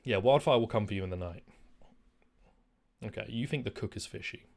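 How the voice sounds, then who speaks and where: A man's voice: lowish voice, fairly quick, vocal fry. A man streaming a game and chatting casually, rambling and swearing freely. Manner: rambling, profane, animated. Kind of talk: casual gaming commentary.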